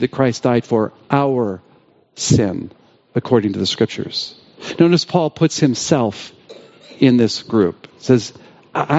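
A man preaching a sermon in a church, stressing key phrases by repeating them slowly. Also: a little high, darkish tone, highs cut off. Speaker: pastor. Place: church sanctuary.

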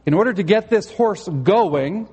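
A man's voice: high-pitched, lively intonation, unhurried, a little mellow, slightly rough. A male pastor preaching a sermon in a church sanctuary, earnest and conversational, with a touch of storytelling humor. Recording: long hall reverb.

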